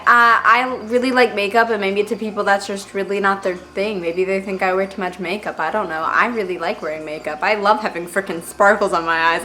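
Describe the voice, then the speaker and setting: A woman's voice: mid-range voice, bright, forceful tone. Teen girl vlogging, rambly and chatty, lots of likes, pokes fun at herself. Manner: chatty, rambling, heavy on "like" fillers; self-deprecating. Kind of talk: casual storytelling to camera.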